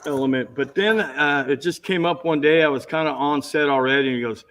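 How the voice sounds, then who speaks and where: A man telling lively stories as a guest on a casual video-call chat, jumping into quick impressions. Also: on the high side, slight background noise, poor audio. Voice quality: bald. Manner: animated anecdotes with impressions.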